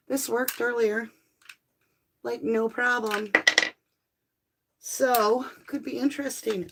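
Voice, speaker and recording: A woman's voice: on the high side, slow, long pauses, a little hiss or hum, rough recording. A woman hosting a live stream, chatting casually and apologetically with viewers as she fiddles with her equipment. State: out of breath from the stairs. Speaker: host of a live tarot and spirit box stream. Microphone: phone.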